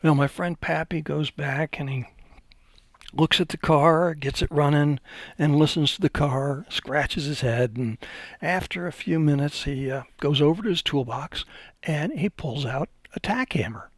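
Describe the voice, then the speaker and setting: A hydraulics instructor gives an unscripted webinar, telling folksy stories with some hesitations. His voice is a little high and a little slow, and the recording is dry.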